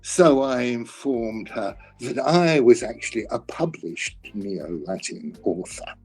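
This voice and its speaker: A man's voice: mid-range voice, lively intonation, slow pace, husky, faint music behind. An older man, a classics scholar, speaking in a conversational interview with many restarts and a dry, self-mocking humor.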